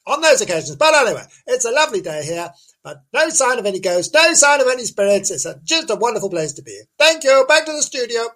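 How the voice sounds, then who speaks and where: A man's voice: extremely high pitch, big pitch swings, quick pace, sharp tone, pitched above the performer's own voice, full character voice. A man voicing a flustered, chatty middle-aged woman field reporter who gushes breathlessly and repeats herself. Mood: gushing. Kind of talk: comic radio sketch.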